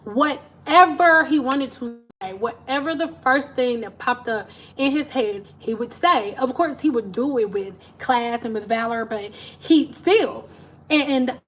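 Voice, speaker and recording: A woman's voice: on the high side, measured pace, fairly bright tone, slight background noise. Chatty slangy woman on a live stream. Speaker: hairstylist. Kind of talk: casual live-stream chat. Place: at home, TV in another room.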